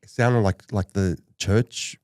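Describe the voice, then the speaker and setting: A man from Western Sydney tells his personal story as a podcast guest. He speaks haltingly and often restarts his sentences. His voice is fairly low and warm-toned, and the sound is dry and close. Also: fairly even intonation, no echo. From Western Sydney, Australia.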